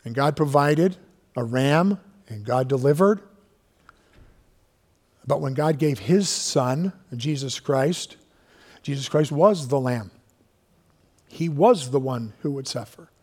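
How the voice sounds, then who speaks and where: A man preaching a sermon as pastor. He stretches out key words for emphasis and sometimes sinks into a hushed voice. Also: medium pitch, animated, slow, pauses often, breathy edge. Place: church sanctuary. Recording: long reverb of a church hall.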